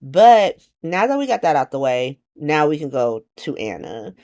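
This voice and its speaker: A woman giving a casual, slangy recap of a soap opera, sarcastic and animated, acting out the characters' lines in playful voices. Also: deep voice, unhurried.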